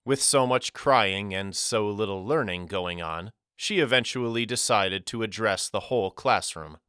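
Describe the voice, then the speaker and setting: A man narrating a first-person audiobook story in a wry, measured storytelling manner. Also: fairly low pitch, sharp tone, smooth, no room sound, studio quality.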